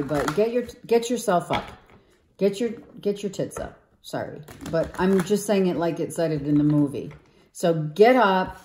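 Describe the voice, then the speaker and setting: A woman reads tarot cards in a slow, unhurried monologue. Her voice is low and mellow and a little hoarse, as if she is losing it. The room around her is echoey. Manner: slow, coaxing, often asks okay and right. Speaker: tarot reader. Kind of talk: spiritual tarot reading monologue.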